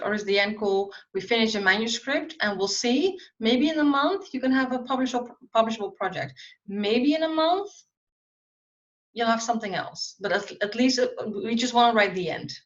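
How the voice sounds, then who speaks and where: A woman's voice: mid-range voice, distant mic. A woman host asks long, meandering questions, restarting her sentences as she goes. She sounds set back from the mic, and the call audio is muffled. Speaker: podcast host. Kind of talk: casual interview.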